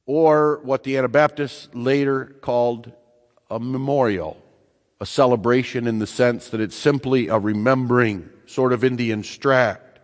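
A man preaching a sermon in a church, emphatic, slowing down and rising in pitch to drive home his points. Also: steady tone, long reverb tail. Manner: emphatic, slows and rises in pitch to stress points.

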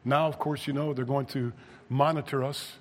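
A man's voice: mid-range voice, fairly even intonation, moderate pace, big-room sound. A man preaching a sermon, reading scripture and rising to emphatic peaks. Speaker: pastor.

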